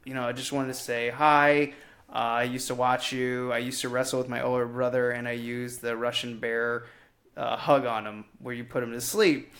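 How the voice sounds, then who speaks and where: A man in his thirties co-hosting a movie podcast, telling stories in a casual, profane, animated way. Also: mid-range voice, normal speed. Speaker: podcast co-host.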